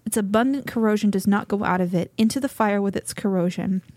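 A woman reading scripture aloud as co-host of a Bible study, a little out of breath, in a measured, steady reading voice. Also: mid-range voice, dry recording.

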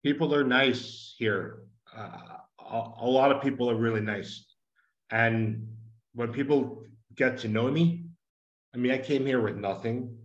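A man talks as a podcast guest, earnest and a bit rambling, his voice sitting at an ordinary middle pitch. The audio is dull and lo-fi, with a roomy echo around him. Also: measured pace. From United States. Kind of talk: casual interview conversation. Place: home in a small town.

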